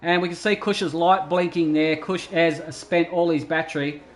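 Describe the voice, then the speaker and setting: A man commentating a sim racing league, chatty and breaking into excited bursts during overtakes. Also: on the high side, normal speed, poor audio. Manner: chatty, excitable bursts over steady play-by-play. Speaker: race commentator.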